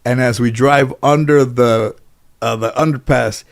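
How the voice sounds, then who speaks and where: A man's voice: mid-range voice, unhurried, gravelly. A man in a casual interview, telling long anecdotes full of fillers and restarts, and acting out the people he quotes. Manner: rambling, filler-heavy, animated when quoting others. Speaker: interview guest.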